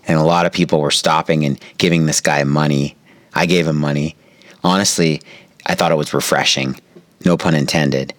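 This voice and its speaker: Man, very deep voice, meditation teacher, calm reflective storytelling, dry close sound. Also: no room sound. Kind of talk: reflective spoken talk.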